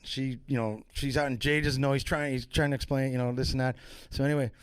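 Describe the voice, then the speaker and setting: A podcast guest with a medium-pitched, fairly monotone male voice talks fast in a clean, echo-free recording. He tells rambling, profane stories in a casual way and puts on different voices for the people he quotes.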